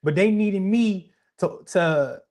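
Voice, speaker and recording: A man's voice: high voice, slow pace, darkish tone. A young man, co-hosting a podcast in casual, emphatic conversation and often repeating himself. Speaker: podcast co-host.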